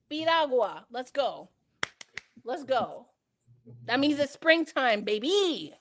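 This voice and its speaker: A woman with a New York accent and a high voice co-hosts a casual show. Her talk is playful and full of slang. She stays animated as she riffs. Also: slow. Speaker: podcast co-host. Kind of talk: casual chat.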